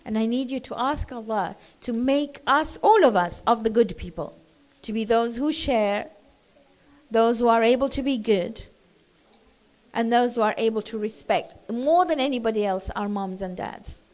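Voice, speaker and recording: A woman teaching a children's class, telling a story gently and then leading the group in a slow, loud rhythmic chant. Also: a little high. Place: community centre classroom.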